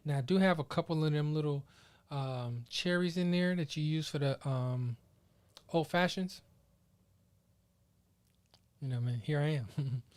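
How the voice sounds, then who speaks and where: A man hosting his own podcast solo, chatting casually in animated, slangy riffs. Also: a little high, measured pace, long pauses. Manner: animated, slangy, playful riffing. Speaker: podcast host.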